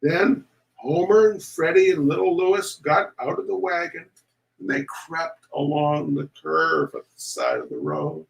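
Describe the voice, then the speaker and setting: A man reading a children's story aloud to an audience, animated and showing pictures as he goes. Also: on the high side, a little slow, vocal fry, rough recording.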